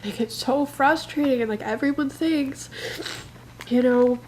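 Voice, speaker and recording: A young woman vlogging about her day, frank and weary, full of "like" and pauses. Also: sits high, a little mellow, slight background noise, rough recording. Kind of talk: personal vlog. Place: in an old convertible car.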